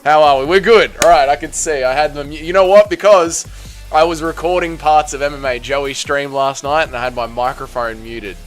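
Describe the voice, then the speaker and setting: A man's voice: a little high, normal speed, faint music behind. An Australian man hosting a casual livestream, chatting and greeting viewers one after another with plenty of slang. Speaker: livestream host.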